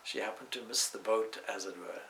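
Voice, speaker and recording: A man's voice: lowish voice, a little fast, a bit bright, slight background noise, low-quality recording. A man, a swami, giving a spiritual talk indoors in a discursive way, weaving in stories and side remarks. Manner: discursive, with asides and restarts.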